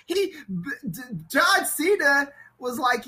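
A woman's voice: fairly high pitch, lively intonation, unhurried, a bit bright, breathy edge, low-quality recording. A woman co-hosting a casual podcast chat, ranting in disbelief, laughing often and swearing freely. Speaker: podcast co-host.

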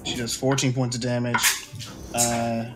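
A man narrating a tabletop game as game master, relaxed and full of ums and uhs. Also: medium pitch, unhurried, heavy background noise.

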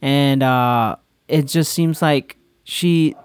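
A man's voice: medium pitch, extremely slow, clean tone, no room sound. A man co-hosting a casual podcast, talking hesitantly with lots of "like" and restarts. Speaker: podcast co-host. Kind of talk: casual chat.

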